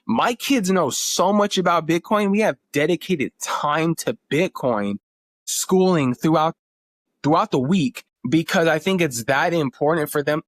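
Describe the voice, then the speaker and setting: Guy on a podcast getting kinda emotional talking about his kids, higher-ish voice, no room sound. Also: expressive, unhurried, no echo, clean studio sound. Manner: earnest, emotional storytelling. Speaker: podcast guest. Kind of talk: casual interview talk.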